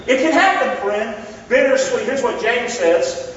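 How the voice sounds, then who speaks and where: Pastor, male, high voice, folksy, emphatic sermon delivery, recorded from a distance in a long-reverb hall. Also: animated, fairly bright tone. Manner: folksy, joking, calls on the congregation to answer; emphatic, slows down to stress key words. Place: church sanctuary. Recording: echoey hall, distant dull mic.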